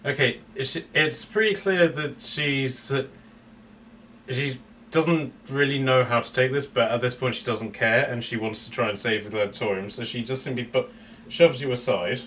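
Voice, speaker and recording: A man narrating as dungeon master, halting with fillers and laughing often. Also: mid-range voice, fairly bright tone. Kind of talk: narrating a tabletop game. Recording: distant mic with faint background noise.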